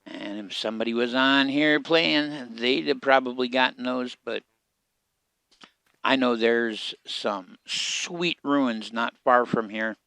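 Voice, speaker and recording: A man with a gravelly, creaky edge talks casually over his gameplay, muttering to himself as he goes. His voice sits close and dry, with little room around it. He sounds easygoing, like someone narrating a solo session. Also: mid-range voice, slow pace, no room sound. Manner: relaxed, muttering to himself while playing. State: hiccups. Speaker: game streamer.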